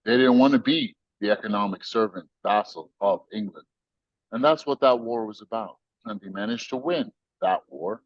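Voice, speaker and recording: A man's voice: lowish voice, moderate pace, no echo, dull audio. An American man, a company founder, talking as a guest in an emphatic, slangy, preachy storytelling way. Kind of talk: animated storytelling interview.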